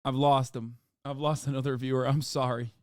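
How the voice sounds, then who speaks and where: A man in his thirties streaming live, reacting to posts with profane, mocking commentary that swings from loud outrage to mumbled asides. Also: medium pitch, little pitch movement, brisk, no room sound, clean studio sound.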